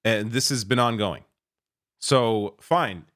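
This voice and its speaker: A man's voice: lowish voice, takes it slowly, fairly bright tone. Sarcastic male political commentator. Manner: sarcastic, exasperated, laughs often. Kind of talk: reacting to news clips.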